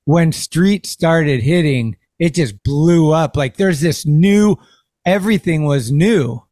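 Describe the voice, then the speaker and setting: A relaxed male podcast host who agrees easily and laughs along, his voice a touch high. He speaks into a dry, close mic. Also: takes it slowly, no echo. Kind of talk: casual chat.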